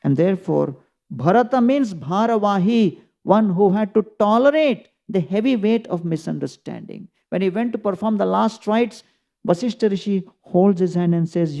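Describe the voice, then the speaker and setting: A man's voice: high voice, expressive, moderate pace, creaky, dark tone, dull audio. A man giving a scripture class as a sermon, telling the story earnestly with emphatic rises. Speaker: preacher.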